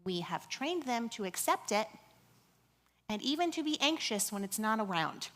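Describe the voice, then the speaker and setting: Woman pastor in her thirties, conversational preacher, lively, sometimes hushed, slightly high pitch. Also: normal speed. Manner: conversational, animated, drops to a hush. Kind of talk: sermon.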